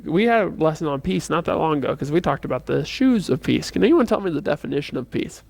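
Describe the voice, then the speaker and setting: A man's voice: on the high side, animated, quick pace, creaky, darkish tone. A man leading a casual church youth lesson in a rambling, chatty way, full of fillers and restarts. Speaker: youth Bible teacher.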